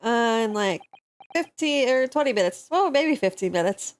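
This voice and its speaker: A woman's voice: a little high, lively intonation, moderate pace. A woman streamer giving casual gaming commentary in a blunt, profane, joking way.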